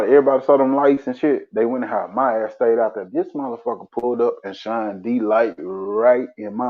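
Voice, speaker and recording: Profane laughing storyteller man, lo-fi. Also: mid-range voice.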